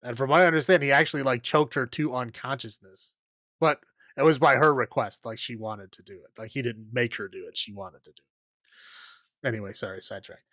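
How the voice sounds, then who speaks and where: Casual male podcast host, mid-pitched, chatty and meandering with plenty of "um" and "like", recorded dry and close. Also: a little fast, a bit bright, no echo. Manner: rambling, filler-heavy, laughs often. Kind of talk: casual chat recapping a film.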